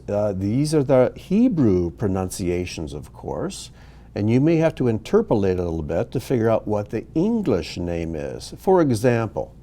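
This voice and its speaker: A man teaching a recorded language lesson, talking slowly and patiently. His low voice moves up and down a lot. He pauses on "um" and corrects himself now and then. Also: dark tone. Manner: patient, explanatory, with fillers and self-corrections. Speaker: Hebrew teacher.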